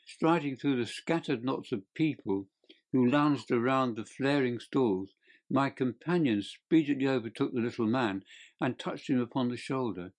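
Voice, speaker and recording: Man narrating in a steady voice. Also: mid-range voice. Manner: steady, measured storytelling. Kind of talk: audiobook narration.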